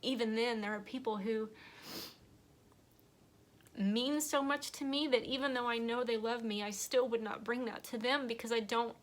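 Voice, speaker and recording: A woman's voice: fairly high pitch, steady tone, normal speed. A woman giving a heartfelt, rambling personal monologue while crying. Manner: earnest, rambling, emotional. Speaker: vlogger and podcast host.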